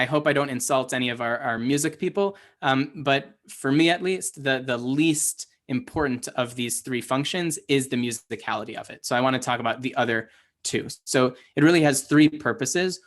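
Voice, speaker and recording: A man's voice: medium pitch, a bit bright. A man teaching a live online class, explaining casually with many restarts and "right?" checks to his students. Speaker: Hebrew teacher. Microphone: livestream.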